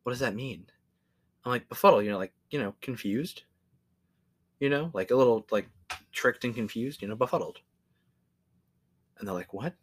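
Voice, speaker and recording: A man's voice: medium pitch, moderate pace, long pauses, husky. A young man co-hosting a podcast in casual chat, rambling with lots of fillers, restarts and casual swearing. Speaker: podcast co-host.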